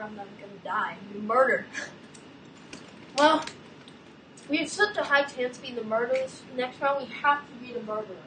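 Excitable high-voiced woman gaming, roomy distant mic. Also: a little hiss or hum. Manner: excitable, dramatic exclamations and groans. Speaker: YouTuber. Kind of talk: gameplay commentary.

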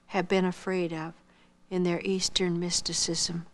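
Older woman, missionary recounting her story, earnest, acts out dialogue, goes soft and hushed at tender points. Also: on the low side, flat delivery, unhurried. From Iowa, United States. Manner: earnest, acts out quoted dialogue, drops softly toward a whisper at tender moments. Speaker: missionary giving her testimony. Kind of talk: personal testimony storytelling.

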